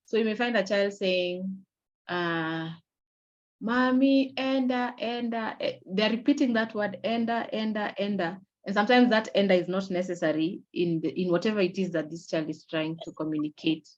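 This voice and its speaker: A middle-aged woman giving an online awareness lecture in a measured, explanatory way, pausing often on fillers and restarting her sentences. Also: lowish voice, highs cut off. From Kenya. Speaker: webinar presenter. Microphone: video call.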